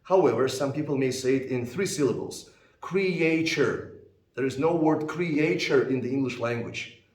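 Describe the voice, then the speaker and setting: A man explaining pronunciation to learners in a calm, patient teaching voice. He repeats example words slowly and clearly, in a medium-pitched voice. The sound has a noticeable room echo. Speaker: English test teacher. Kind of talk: explanatory lesson.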